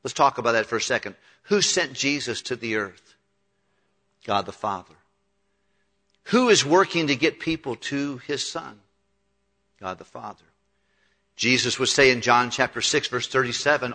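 A man's voice: mid-range voice, pushed and bright. A male pastor preaching a sermon, retelling scripture with conversational acted-out dialogue. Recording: long hall reverb.

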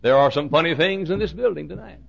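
A man, preaching and telling a story in a folksy, dramatic way that swings from hushed to shouting. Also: on the high side, expressive, fast talker, creaky, highs cut off. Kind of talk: storytelling sermon.

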